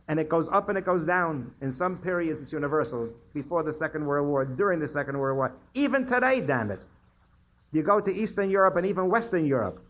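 A man's voice: fairly high pitch, a bit bright, rough recording. An older man, a rabbi, lecturing students and taking their questions, telling stories between points and rising sharply for emphasis. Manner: digressive storyteller, emphatic rises on key points.

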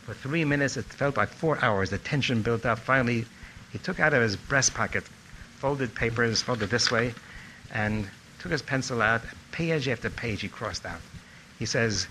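A man's voice: mid-range voice, moderate pace, a little hiss or hum, low-quality recording. An older man telling anecdotes about his former teacher in a reminiscing speech. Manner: storytelling, animated when quoting others. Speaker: former student giving a tribute talk.

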